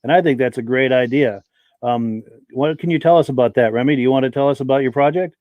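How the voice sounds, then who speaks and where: A podcast host on a live-stream reads viewer names aloud and welcomes them in a friendly, chatty manner. He has a medium-pitched voice and talks fast, and the recording is dry with dull-sounding audio.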